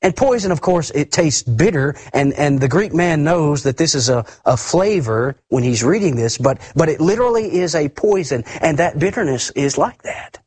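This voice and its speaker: A man preaching a sermon emphatically, often repeating words and swinging his pitch up and down. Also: animated, moderate pace, few pauses, a little mellow, slightly rough, no room sound.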